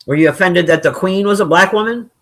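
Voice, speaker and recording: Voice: medium pitch, fast. A live streamer chatting casually with viewers and reading their messages, blunt, profane and laughing often. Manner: blunt and opinionated.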